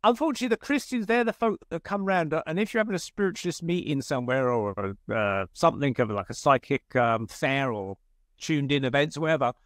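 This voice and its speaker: A man's voice: on the high side, expressive, fairly quick, no room sound, studio quality. A man with a British accent hosting a podcast, chatty and telling anecdotes with laughter. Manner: chatty storyteller, laughs at his own tales. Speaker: podcast host. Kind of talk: casual conversation, anecdote telling.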